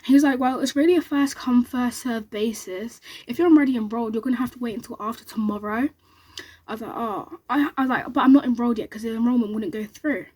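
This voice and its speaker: A young woman recounts a story straight to the camera. She talks very fast and excitedly, and plays the other people's lines as she goes. Her voice is slightly high with a husky edge. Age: young adult. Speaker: vlogger.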